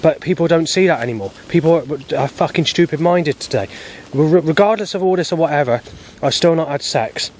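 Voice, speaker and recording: A man's voice: a little high, lively intonation, a little fast, a little mellow, a little hiss or hum. A man, rambling in an aggrieved personal monologue, swearing often and restarting his sentences. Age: 40s. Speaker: vlogger.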